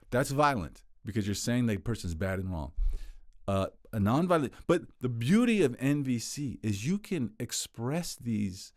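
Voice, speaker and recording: A man teaching communication skills in a casual explainer style, animated and acting out example quotes in playful voices. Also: medium pitch, no echo, clean studio sound.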